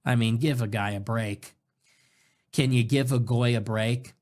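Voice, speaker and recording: A man hosting his own show in a casual monologue, animated and sarcastic, jumping between loud bursts and low mutters. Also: a little slow. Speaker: show host.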